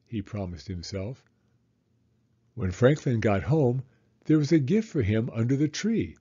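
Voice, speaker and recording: Brief: male storybook reader, mellow and a bit husky, lively delivery, dull lo-fi audio. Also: mid-range voice, a little slow, pauses often. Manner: expressive, animated reading. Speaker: children's book reader. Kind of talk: storybook read-aloud.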